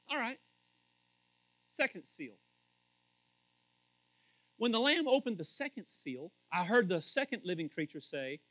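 A man preaching a casual, conversational sermon as pastor, animated and questioning his listeners. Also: high voice, no room sound, poor audio. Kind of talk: casual sermon, Bible teaching.

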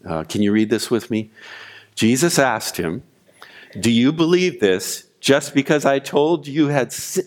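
A man preaching a sermon as pastor, retelling scripture and a personal story with animated storytelling. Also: medium pitch. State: weeping, choked voice in retold prayer.

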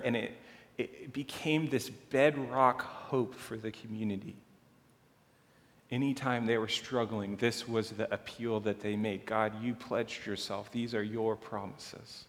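A male pastor giving an earnest, conversational sermon that sometimes drops to a hushed, gentle tone. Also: mid-range voice. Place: church sanctuary. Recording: long church hall reverb.

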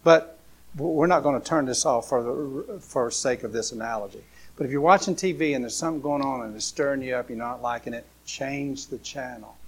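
A man's voice: mid-range voice, a little fast, husky. A man preaching a casual sermon as a pastor, speaking in a loose, repetitive way with many fillers and rhetorical questions. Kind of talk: conversational sermon.

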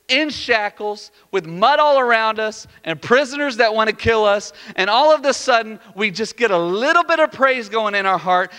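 A high-pitched man preaching with a bright, forceful tone. He is playful and animated, and he acts out prayers and dialogue in a raised voice. His words ring out in a church with long, lingering reverb. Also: smooth. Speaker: pastor. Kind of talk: sermon. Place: church sanctuary.

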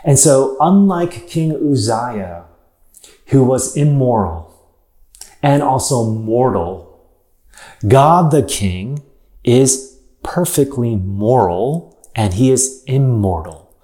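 A man's voice: mid-range voice, lively intonation, slow, mellow, echoey room. A man preaching a sermon, stressing points by repetition and asking rhetorical questions.

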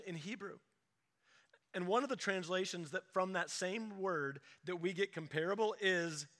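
A man preaching a sermon in a lively, conversational way, acting out stories from family life. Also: sits high. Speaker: pastor. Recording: echoey hall reverb.

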